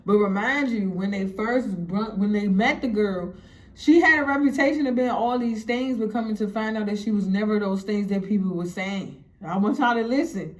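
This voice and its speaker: A woman telling a story casually, animated and profane, acting out the quotes. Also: medium pitch, moderate pace.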